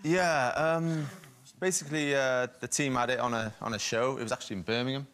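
Easygoing man with a bright voice. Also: mid-range voice, a little hiss or hum. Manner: easygoing, halting, plain-spoken. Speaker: sports guest. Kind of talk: casual chat show talk. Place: TV studio with audience.

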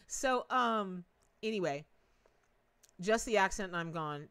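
A middle-aged woman running a live tarot stream. She talks in a bubbly, rambling way, laughs often and drops folksy asides to her viewers. Her voice sits at an ordinary pitch for a woman. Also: lively intonation, unhurried, fairly bright tone. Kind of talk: chatty live-stream reading.

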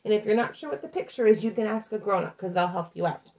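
A woman's voice: medium pitch, animated, fast talker, darkish tone. A woman teaching a children's lesson, talking patiently in a sing-song teacher voice to young kids.

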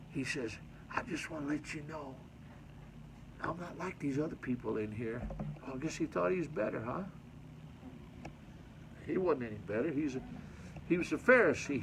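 A man's voice: on the high side, a bit bright, a little hiss or hum, poor audio. A male pastor preaching a sermon at a mission church, reading scripture and adding folksy, colloquial commentary to his congregation.

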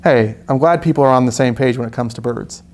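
A young man hosting a live painting lesson, relaxed and joking with chatty asides. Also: mid-range voice, fast talker. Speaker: art instructor hosting a live painting stream. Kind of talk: casual live tutorial chat.

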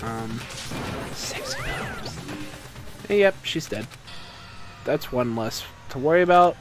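Young man, lively bouncing pitch, slightly high voice, profane playful retelling, game music behind. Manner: animated, profane retelling with quick put-on voices. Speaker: streamer. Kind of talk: livestream game commentary.

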